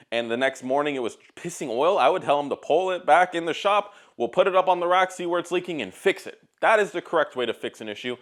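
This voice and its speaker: A man with a mid-pitched voice rants casually to camera about car work. He talks bluntly and swears often, with an exasperated storytelling manner. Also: a bit bright. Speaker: car YouTuber.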